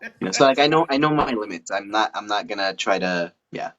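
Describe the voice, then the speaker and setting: A man's voice: fairly low pitch, lively intonation, brisk, a bit bright, dull audio. A man speaking as a guest in a casual live chat, hesitant and full of fillers.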